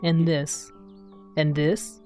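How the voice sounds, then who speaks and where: A woman voicing a gloomy, resigned horned young man from a game, in a deep Southern drawl. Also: little pitch movement, extremely slow, darkish tone, soft background music. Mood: dry.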